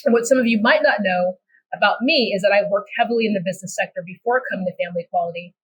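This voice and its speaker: A woman with a Texan accent hosts a podcast on a low-quality recording, her medium-pitched voice rapid-fire, a bit bright and slightly rough. After a scripted welcome she shifts into upbeat, chatty conversation, trailing off into restarts.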